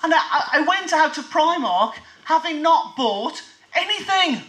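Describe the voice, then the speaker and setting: A woman performing a comic spoken word monologue at a live venue, with animated, self-mocking exaggeration. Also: sits high, a little slow, low-quality recording.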